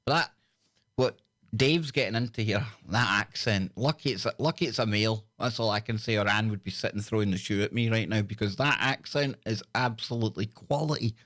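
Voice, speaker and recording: A man's voice: on the low side, a little fast, a bit bright. A man hosting a live talk show, chatting enthusiastically and often repeating himself. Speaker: talk radio host.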